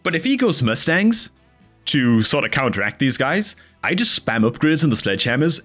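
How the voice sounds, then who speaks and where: A man giving casual, animated commentary over his own strategy game match, chatty and frustrated at his misplays, dropping "dude" and "man" constantly. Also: medium pitch, moderate pace, faint music behind. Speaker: gameplay commentator.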